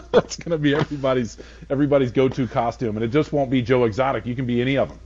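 A man's voice: medium pitch, fast talker, darkish tone, muffled recording, slight background noise. A man appearing as a guest on a talk radio show, chatting with enthusiasm and laughing often. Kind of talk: casual talk radio chat.

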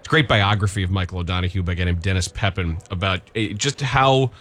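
A man's voice: low voice, fast, fairly bright tone. A man co-hosting a sports radio show, trading dry, wry jokes in casual banter at an auto show booth. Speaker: radio co-host.

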